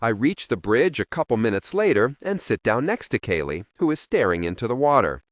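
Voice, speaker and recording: Expressive male audiobook narrator. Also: medium pitch, fairly quick, no echo, studio quality. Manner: expressive, shifting voices for characters. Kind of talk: first-person audiobook narration.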